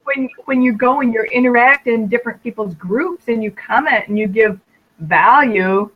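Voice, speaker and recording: Woman podcast host, fairly high voice, affirming tone, dull lo-fi remote sound. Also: moderate pace, husky. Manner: encouraging, affirming with "right?" and "you know". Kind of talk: casual podcast chat.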